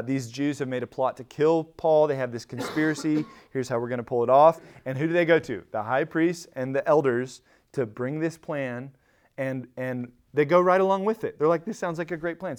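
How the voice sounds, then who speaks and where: Smooth and a little high, a man's voice leads a church Bible study conversationally and with energy. He repeatedly restarts phrases and voices quoted lines with escalating emphasis.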